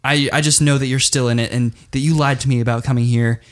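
A nervous, suspicious wife stammers out hurried lines in an improvised role-play, as a man plays her. Her voice sits in a plain everyday male register. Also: medium pitch, steady tone, close to an everyday voice. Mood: accusing.

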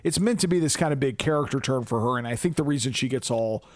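A man's voice: medium pitch, quick pace, no room sound, clean studio sound. A man co-hosting a podcast, animatedly retelling movie scenes in casual chat and laughing often. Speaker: podcast co-host.

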